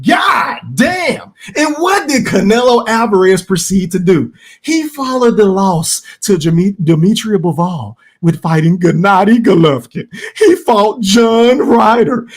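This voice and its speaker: A man hosting a podcast, ranting loudly and profanely about boxing, with frequent shouted outbursts. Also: high voice. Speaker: podcast host. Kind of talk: heated boxing rant.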